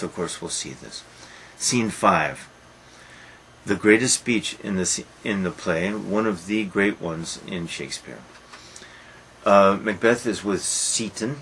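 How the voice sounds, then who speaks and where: A man giving a literature lecture, musing and emphatic, who reads quoted passages slowly and softly. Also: fairly low pitch, a little hiss or hum, low-quality recording. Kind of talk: lecture on a play, reading passages aloud.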